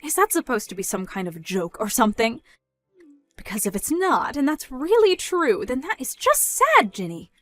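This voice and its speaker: A woman's voice: sits high, very animated, moderate pace, fairly bright tone, faint music behind. A woman voicing a controlling, scornful middle-aged mother, nagging and incredulous in a scripted story dub.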